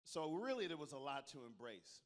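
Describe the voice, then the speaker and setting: A man's voice: fairly high pitch, sing-song, normal speed. A man, giving a joking, storytelling closing speech to a crowd as a convention organizer. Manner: storytelling, joking, calls on the audience to applaud. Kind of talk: lively onstage speech to a crowd. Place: convention hall stage.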